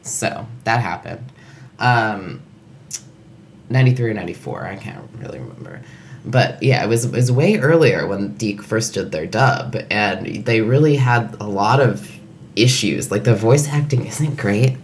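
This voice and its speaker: A man co-hosting a casual podcast chat, opinionated and animated, with plenty of "like" fillers. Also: on the low side, measured pace, slight background noise. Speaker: podcast co-host.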